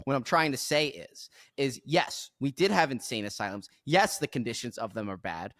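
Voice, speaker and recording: A man's voice: medium pitch, animated, normal speed, a bit bright, no echo, studio quality. A man hosting a podcast, ranting bluntly and emphatically in casual chat. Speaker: podcast host.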